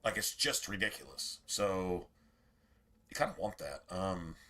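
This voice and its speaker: A man's voice: low voice, a little slow, bright, forceful tone, a little hiss or hum. A man streaming a game and chatting casually to his viewers, rambling and swearing freely. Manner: rambling, profane, talks straight to chat. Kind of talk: casual livestream chat.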